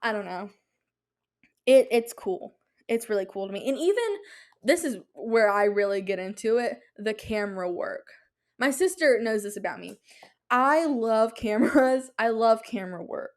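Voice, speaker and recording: A young adult woman hosting a podcast in casual chat, talking in an excitable, rambling way with many fillers. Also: mid-range voice, normal speed. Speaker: podcast host.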